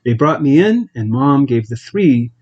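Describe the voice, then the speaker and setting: A man narrating an audiobook in a measured, steady storytelling voice. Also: mid-range voice, lo-fi sound. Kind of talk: scripted narration.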